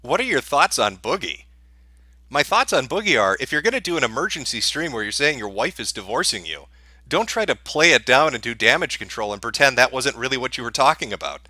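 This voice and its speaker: A man's voice: mid-range voice, sing-song, brisk, bright, forceful tone, no echo, clean studio sound. A man answering viewer questions on a livestream in a sarcastic, profane, dismissive rant.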